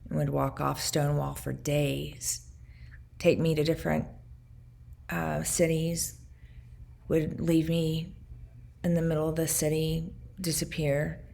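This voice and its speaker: A woman in her forties with a low voice speaks in a personal video journal. Her tone has a gravelly edge. She sounds earnest and reflective, pausing between short, halting phrases. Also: little pitch movement, mellow. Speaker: vlogger recounting her past.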